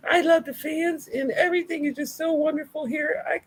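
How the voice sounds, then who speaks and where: A man putting on a high, sing-song falsetto to mock a relentlessly cheerful young woman wrestler. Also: steady tone, brisk, a little hiss or hum. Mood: mocking sweet.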